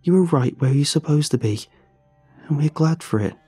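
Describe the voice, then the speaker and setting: Teasing boy ghost, read by a man; dark, relaxed timbre. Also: on the high side, moderate pace, breathy edge, no room sound, faint music behind, pitched above the performer's own voice. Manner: teasing and upbeat. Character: grinning teasing boy ghost, childhood friend.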